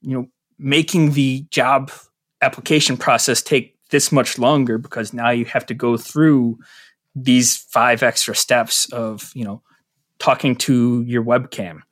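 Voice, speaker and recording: A man in a casual podcast discussion, speaking in a measured way with hedging fillers. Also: medium pitch, fairly even intonation, a bit bright, no room sound, clean studio sound.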